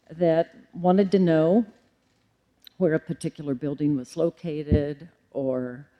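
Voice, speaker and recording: A middle-aged woman, a librarian, giving a formal public lecture in a measured way with occasional ums and self-corrections. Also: deep voice, dull audio.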